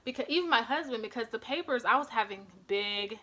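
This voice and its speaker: A woman's voice: a little high, animated, moderate pace, hardly any pauses, pushed and bright. A young woman vlogger telling a personal story to her camera, emotional and close to tears, with lots of fillers. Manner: emotional, often near tears, with many fillers. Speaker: beauty vlogger.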